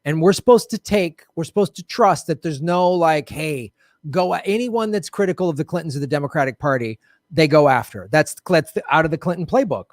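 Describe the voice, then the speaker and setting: A man's voice: fairly high pitch, a little fast, no room sound, studio quality. A man hosting an online political commentary show, talking bluntly and sarcastically and swearing often. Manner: sarcastic and animated.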